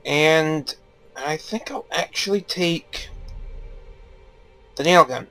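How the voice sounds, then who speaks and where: A man's voice: a little high, slow pace, a bit bright, faint music behind. Rambling young man commentating a game. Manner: rambling, joking, swears freely. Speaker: gaming YouTuber.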